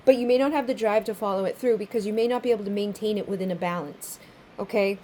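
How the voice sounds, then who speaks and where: A woman talks through a tarot reading in a loose, chatty way. Her voice is mellow and warm, never sharp. She swears freely and slips into little acted-out quotes, over a faint room hum. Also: mid-range voice, fast. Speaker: tarot reader. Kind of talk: casual spoken tarot reading.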